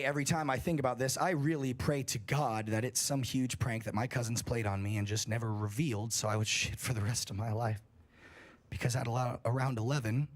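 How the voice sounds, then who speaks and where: A young man reading a scary story aloud on a livestream, in a profane, animated storytelling manner. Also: on the low side.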